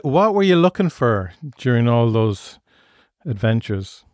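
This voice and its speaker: A man hosting a podcast and interviewing his guest in a friendly way. He laughs along with the guest. His voice sits at a middle pitch and sounds dry and close to the mic. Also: sing-song, unhurried, a little mellow, no room sound. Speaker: podcast host.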